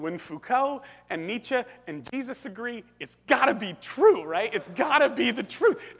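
A man with a high voice preaches an animated, emphatic sermon. He keeps pressing his points with "listen" and "right?". His words carry the long reverb of a church sanctuary. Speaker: pastor.

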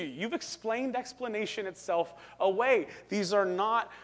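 Emphatic, high-voiced male pastor; sermon in a reverberant church. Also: measured pace, few pauses. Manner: animated and emphatic, repeats "listen" and "right?".

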